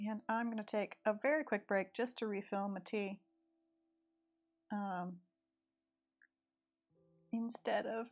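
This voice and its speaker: A woman with a rural East Tennessee accent talks casually while she draws on a live stream. She thinks aloud in a slightly high voice. Quiet music plays faintly in the background.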